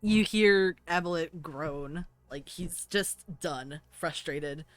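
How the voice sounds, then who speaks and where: A woman's voice: low-pitched, slow. A woman game master narrating a tabletop game in a loose, rambling way, full of fillers.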